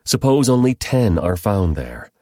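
A man reads the lines of a humble old patriarch bargaining earnestly for a city. The voice sits deep and low, close and dry with no room around it. Each plea comes careful and respectful. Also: sing-song, measured pace, mellow, no room sound. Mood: earnest pleading.

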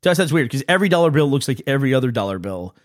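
A man's voice: mid-range voice, sing-song, rapid-fire, no room sound, clean studio sound. Chatty man telling stories. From United States. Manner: rambling storyteller, laughs often. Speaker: podcast host. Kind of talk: casual chat.

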